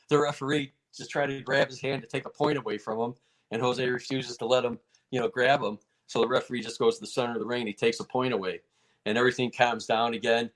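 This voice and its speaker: A man being interviewed, telling a fight story in casual talk and acting out the quotes in a raised voice. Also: medium pitch. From United States. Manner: animated, acts out quotes in a raised voice. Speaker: martial arts federation president, guest.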